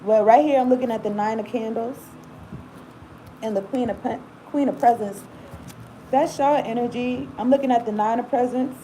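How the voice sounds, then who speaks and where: A woman's voice: fairly high pitch, normal speed, dark tone, slight background noise, rough recording. A woman giving a casual tarot reading, rambling and talking straight to the viewer with frequent asides. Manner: rambling, casual, laughs often, talks to viewer directly. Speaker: tarot reader.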